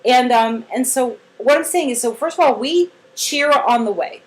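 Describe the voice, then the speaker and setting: A woman's voice: on the high side, normal speed, low-quality recording. A woman trainer explaining a therapy method in casual talk, acting out quotes and filling her speech with "like". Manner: animated storyteller acting out quotes, many "like" fillers; cheerful voiced praise bursts.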